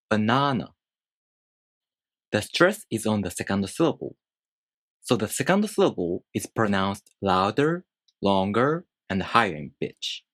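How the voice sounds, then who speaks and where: Lively low-voiced male teacher. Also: dry recording, studio quality. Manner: deliberate, with spoken pitch demonstrations. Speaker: language teacher. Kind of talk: scripted explanatory lesson.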